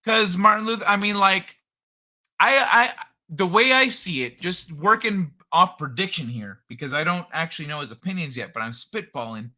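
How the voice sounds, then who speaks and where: A man's voice: high voice, expressive, normal speed, bright, forceful tone. A man hosting a live stream, chatting loosely and profanely in a rambling, joking way. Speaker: streamer host. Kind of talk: casual live-stream chat.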